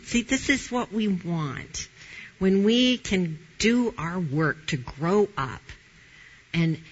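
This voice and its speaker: A woman's voice: on the low side, husky, muffled recording. A middle-aged woman giving a candid Christian testimony on a talk show, telling her story with animation and frequent laughs. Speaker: guest sharing testimony.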